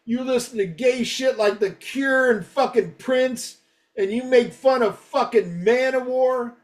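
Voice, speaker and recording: A man's voice: high voice, steady tone, fairly quick, a little mellow, distant mic, voice pushed up, natural voice. A man voicing an angry, foul-mouthed male metal fan troll, ranting crudely and making threats.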